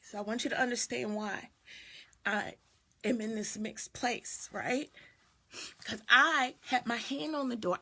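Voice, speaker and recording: A woman's voice: fairly high pitch, measured pace, creaky, pauses often, bright, forceful tone. Middle-aged woman telling a personal story. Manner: reflective, greets viewers mid-story. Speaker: doula and video host. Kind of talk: personal storytelling on a live stream.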